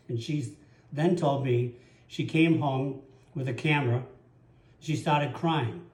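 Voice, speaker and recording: A man's voice: medium pitch, takes it slowly, pauses often, darkish tone. A man preaching a sermon as pastor, telling personal stories in an earnest way. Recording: roomy echo.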